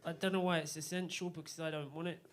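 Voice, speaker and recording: A man doing a live stand-up set on a comedy club stage, deadpan and self-deprecating. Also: on the high side, fast talker.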